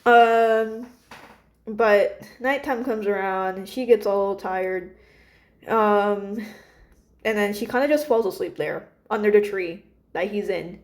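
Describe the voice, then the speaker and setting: A woman's voice: mid-range voice, a little slow. A woman casually retelling a story about her characters, rambling with many fillers and restarts.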